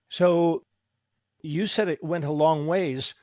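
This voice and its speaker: A man's voice: a little high, fairly even intonation, a little slow, darkish tone, no echo, clean studio sound. A middle-aged man hosting a conversational discussion as a psychologist, who digresses and pushes back on his guest. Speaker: host, psychologist.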